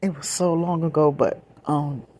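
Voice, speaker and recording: A woman telling a personal ASMR storytime in a breathy whisper and soft talk, confiding and emotional, often speaking straight to her listeners. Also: sits low, steady tone, normal speed. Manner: confiding, emotional, repeats phrases, addresses listeners directly.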